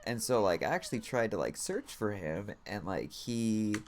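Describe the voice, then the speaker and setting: While streaming a game, a man chats casually in a slightly low voice with lively intonation and a moderate pace. His story rambles, with "like" and "you know" every few words and casual swears dropped in along the way.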